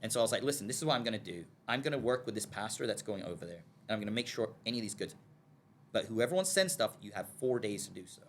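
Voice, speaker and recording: A man telling a long story as a guest on a podcast, talking quickly with a lively, swooping voice. He acts out the lines of the people in his story and keeps asking "okay?" to check that his listener is following. When he gets excited he stumbles and repeats his words. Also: lowish voice, slight background noise.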